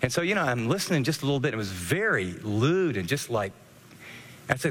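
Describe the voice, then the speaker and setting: A middle-aged man preaching a radio sermon, animated, with sudden rises and drops in his voice. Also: medium pitch, brisk, husky, in a large hall. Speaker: pastor.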